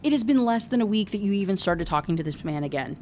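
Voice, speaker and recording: A woman's voice: mid-range voice, animated, fast, darkish tone. A young woman recaps a novel in a loose, chatty rant, full of sarcasm and swearing. She sounds exasperated with the characters. A faint noise sits under her voice. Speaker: book reviewer. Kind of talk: casual rant review.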